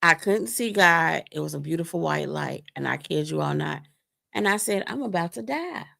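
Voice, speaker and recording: Gravelly-voiced woman telling a hard story. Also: sits low, normal speed. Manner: animated, acts out quoted voices, addresses listeners as "you all". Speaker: guest sharing a testimony. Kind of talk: emotional personal storytelling. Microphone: remote stream mic.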